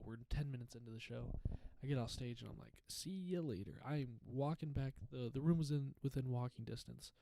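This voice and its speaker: A young man spins a rambling, profane story on his own comedy podcast, stumbling and restarting as he goes. His voice is gravelly and mellow, and the sound is dry and close with no room around it. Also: medium pitch, no echo, rough recording. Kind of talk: casual storytelling monologue.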